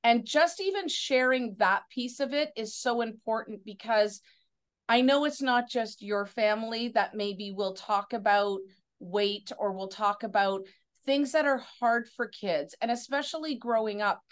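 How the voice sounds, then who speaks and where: A woman hosting a casual interview, effusive and encouraging toward her guest, with quick asides. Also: fairly high pitch. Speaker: interview host.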